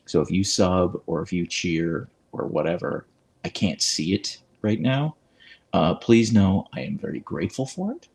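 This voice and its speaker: A man's voice: low voice, lively intonation, a little slow, creaky, darkish tone. A man hosting a casual livestream from his phone, chatting and reading viewer comments aloud. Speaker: livestream host. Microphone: phone with clip-on mic.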